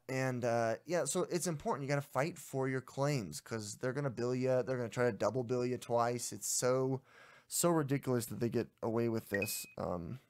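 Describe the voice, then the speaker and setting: A young adult man co-hosting a casual podcast, telling a story in an exasperated, ranting way. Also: medium pitch. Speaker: podcast co-host.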